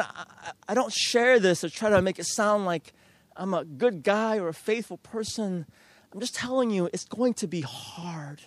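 A man's voice: high-pitched, a little mellow, dry recording. A middle-aged man preaching a storytelling sermon, earnest and self-deprecating as he urges listeners on.

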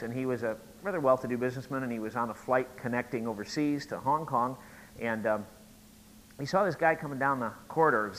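A middle-aged man preaching a sermon, telling a joke story and rising to loud, emphatic peaks. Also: mid-range voice, brisk, slight background noise, low-quality recording. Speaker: pastor.

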